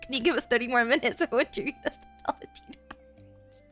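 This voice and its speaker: A woman's voice: on the high side, brisk, music in the background. A woman streamer chatting casually with her viewers, playful and teasing, often giggling.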